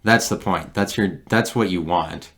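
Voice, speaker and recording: A man's voice: deep voice, measured pace, fairly bright tone. A man hosting a podcast, talking in a rambling, sarcastic solo monologue into a handheld recorder, often breaking off and restarting his sentences. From Midwestern United States. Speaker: podcast host.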